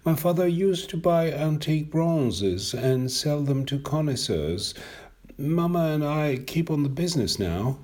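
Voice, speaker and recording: A man's voice: on the high side, lively intonation, a little slow, a little mellow, pitched above the performer's own voice. A man reading a story aloud, voicing an agitated young man who pleads with earnest, repetitive gushing. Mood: agitated pleading. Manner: agitated, pleading, repeats himself.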